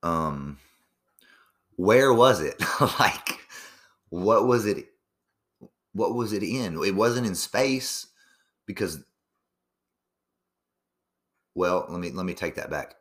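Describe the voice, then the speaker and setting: A man's voice: deep voice, lively intonation, slow pace, pauses often, a bit bright. A young man musing in a loose, profane monologue, full of fillers and restarts. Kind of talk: casual rambling monologue.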